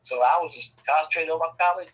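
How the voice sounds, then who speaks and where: Man, casual profane storyteller, husky edge, bright forward tone. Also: on the high side, quick pace, rough recording. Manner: profane, animated, laughing.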